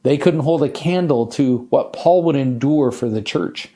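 A male pastor delivers an expository sermon in an earnest, emphatic way. His voice is warm and mellow at a mid pitch. He slows down and leans into the scripture passages he reads. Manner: earnest, emphatic preaching with slowed, stressed scripture reading.

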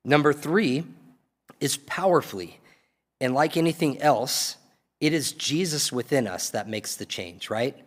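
A man's voice: medium pitch, a little slow. Earnest male pastor in echoing hall. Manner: earnest, pleading, building to emphatic peaks. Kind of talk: sermon. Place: church hall. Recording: long reverb of a church hall.

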